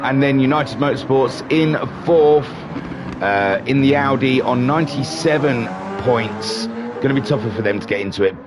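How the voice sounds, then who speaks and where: A man's voice: lowish voice, very noisy. A man doing live commentary for a sim racing league stream, chatty and rambling, with self-deprecating asides. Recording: music playing behind voice. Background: music.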